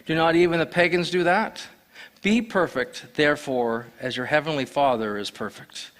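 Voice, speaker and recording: A man's voice: on the high side, moderate pace, fairly bright tone. A man giving a church sermon as guest preacher, telling plain stories with restarts and repeated words. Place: church sanctuary.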